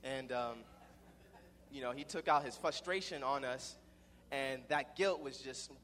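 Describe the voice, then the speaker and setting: A man's voice: mid-range voice, unhurried, fairly bright tone, in a large hall, slight background noise. A young man telling a personal story in a rambling way, with many repeated restarts.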